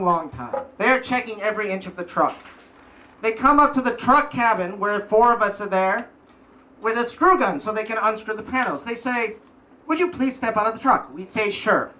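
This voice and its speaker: A man telling a wry, casual personal story at a live story slam, pausing for punchlines. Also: high-pitched, sharp tone, recorded from a distance. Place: live event stage.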